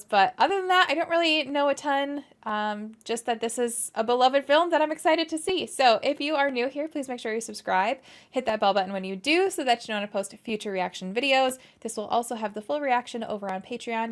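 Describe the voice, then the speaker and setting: Bubbly young woman with a Western New York accent. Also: fairly high pitch. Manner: bubbly, excitable, laughs often. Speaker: movie reaction host. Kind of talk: casual reaction vlog.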